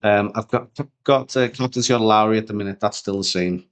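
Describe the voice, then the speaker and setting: A man's voice: fairly low pitch, fairly quick, smooth. A young man, co-hosting a casual podcast chat in a rambling, slangy way. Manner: chatty, rambling, slangy banter. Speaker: podcast co-host.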